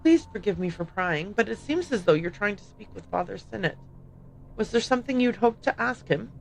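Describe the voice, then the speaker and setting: A woman reading the lines of a formal, tactful male gentleman investigator in a game. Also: medium pitch, lively intonation, fairly quick, creaky, low-quality recording. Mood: courteous.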